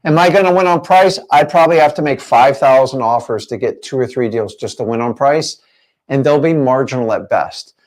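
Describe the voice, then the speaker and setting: A man's voice: mid-range voice, brisk. A man teaching a real estate training session, emphatic and full of rhetorical questions.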